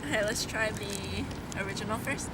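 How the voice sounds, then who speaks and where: A woman's voice: medium pitch, moderate pace, heavy background noise. A young woman hosting a casual food-tasting vlog, chatting and describing each treat in detail. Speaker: vlog host. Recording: loud background music.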